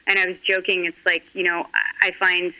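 A middle-aged woman talking candidly in an interview, earnest and halting with frequent restarts. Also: fairly low pitch, level tone, pushed and bright, rough recording. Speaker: guest.

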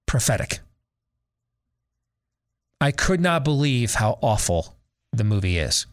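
A man's voice: mid-range voice, big pitch swings, slow pace. A middle-aged man hosting a talk show, giving a sarcastic, exasperated and emphatic rant about a film. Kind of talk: opinionated movie-review rant.

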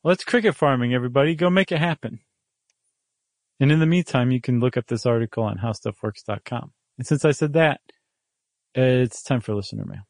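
A man's voice: mid-range voice, a little fast, a little mellow, no echo. A man co-hosting a podcast, chatting casually and joking, with frequent ums as he thinks aloud. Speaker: podcast co-host. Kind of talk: casual chat.

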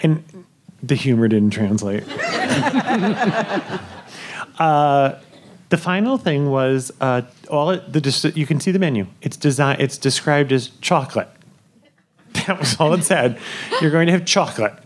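A man's voice: fairly high pitch, animated, takes it slowly, long pauses. A man hosting a live podcast in a theater on a cruise ship, chatting and laughing as he tells the audience a story. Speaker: podcast host.

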